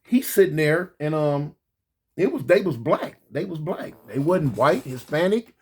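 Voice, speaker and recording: An animated storyteller with a husky voice, spinning a casual tale in slangy speech. The pitch swings widely, and the teller keeps repeating words and slipping into acted-out voices. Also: measured pace. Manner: acts out voices in quotes.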